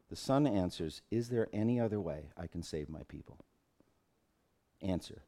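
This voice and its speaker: A middle-aged man teaching scripture to a group as their pastor. His voice sits a little low, and he speaks earnestly, thinking aloud and restarting phrases as he goes. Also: expressive, normal speed, pauses often, warm tone. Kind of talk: teaching a Bible class.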